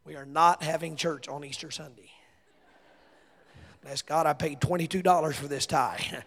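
A man with a Southern US accent preaching a sermon, telling stories with laughter and rising to shouts. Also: on the high side, fairly even intonation, moderate pace, gravelly. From American South. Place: church sanctuary. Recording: long hall reverb.

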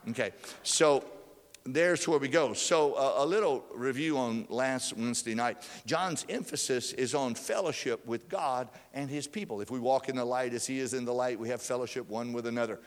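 Preaching man in an echoing church. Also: normal speed. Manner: preaching, rising in pitch and force for emphasis. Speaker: pastor. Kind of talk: sermon. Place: church sanctuary. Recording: long reverb of a church hall.

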